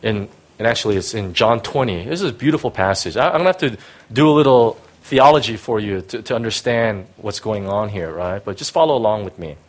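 Man preaching with hushed intensity. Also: lowish voice, animated, a little fast. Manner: dramatic, swings from loud emphasis to hushed tenderness; conversational asides, frequent "right?" and "you know". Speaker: pastor. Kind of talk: sermon. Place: before a live congregation.

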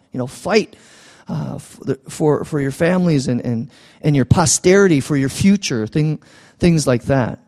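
Halting, conversational male preacher. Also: fairly high pitch, lively intonation, mellow. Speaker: pastor. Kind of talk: sermon.

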